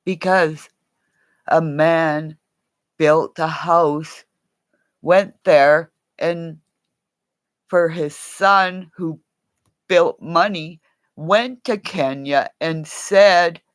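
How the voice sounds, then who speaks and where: A woman from Canada rambling through a livestream monologue, jumping between topics and bursting into shouts and silly rhymes. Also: deep voice, very slow, long pauses, no echo. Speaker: vlogger.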